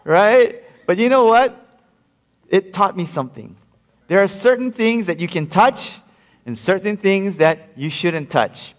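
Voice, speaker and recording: A man's voice: sits high, animated, a little slow. A man preaching a sermon in a playful, storytelling way, with a Hawaiian-tinged accent and many fillers. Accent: Hawaiian Pidgin-tinged English. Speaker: pastor. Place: large church hall. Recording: reverberant church hall.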